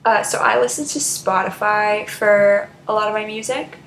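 A woman's voice: mid-range voice, moderate pace, gravelly, a bit bright, echoey room, slight background noise, low-quality recording. A young woman hosting a college radio show, chatting loosely with many ums and likes between songs. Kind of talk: casual radio chat. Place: radio studio.

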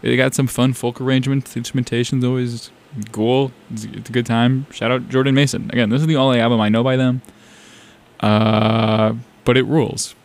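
A young man from South Carolina hosting a music show, chatting in a rambling, enthusiastic way about songs he just played. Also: mid-range voice. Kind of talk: casual music radio chat.

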